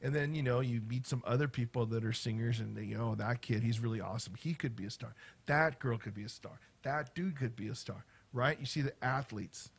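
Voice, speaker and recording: A middle-aged man, a teacher, chatting casually on a livestream in a rambling way, with lots of fillers and animated storytelling. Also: mid-range voice, fairly quick, gravelly, breathy edge. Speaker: teacher and vlogger.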